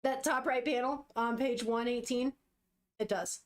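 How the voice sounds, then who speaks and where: A woman's voice: a little high, steady tone, unhurried. A young woman with a sniffle, chatting casually and emotionally as she retells a manga, gasping and swearing in shock. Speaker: vlogger reading manga.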